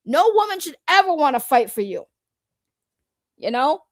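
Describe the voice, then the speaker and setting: A woman's voice: sits high, sing-song, moderate pace, no echo, studio quality. A woman streamer talking in a blunt, profane way and mocking others' words in heated casual talk.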